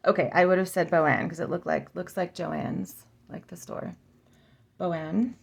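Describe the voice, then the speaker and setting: A woman hosting a casual flip-through vlog, slowly sounding out names aloud, correcting herself and musing with giggly asides. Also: on the low side, steady tone, vocal fry, slightly rough, dull audio. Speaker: oracle deck reviewer.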